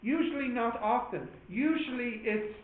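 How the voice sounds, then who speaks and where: Chatty Irish maths teacher, high voice. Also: male voice, moderate pace. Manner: chatty, joking, explains patiently. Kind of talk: classroom lesson. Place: classroom. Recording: echoey classroom on a tinny phone-like line.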